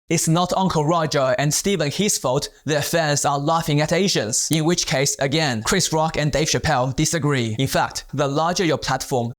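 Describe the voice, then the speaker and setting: A man narrating a scripted commentary video in a blunt, measured, pointed way. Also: on the high side.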